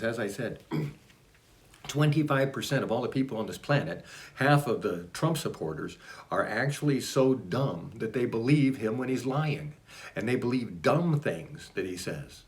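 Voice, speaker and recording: A man reading and commenting on his own book in a casual, rambling way, sometimes getting emotional and dropping into soft, breathy asides. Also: mid-range voice. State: choked up at times.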